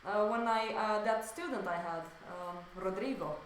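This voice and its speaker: A woman chats while she paints, excitable and tripping over her words. Her voice rings around a very echoey room. A faint hiss sits under it. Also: medium pitch, normal speed. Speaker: streamer painting on stream. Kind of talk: casual chat while painting.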